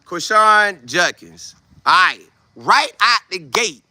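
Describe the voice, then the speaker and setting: A young man hosting a podcast, giving preachy, animated commentary in a casual way. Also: high voice, slow, no echo. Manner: animated, preachy, acts out scenes in put-on voices. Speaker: podcast host.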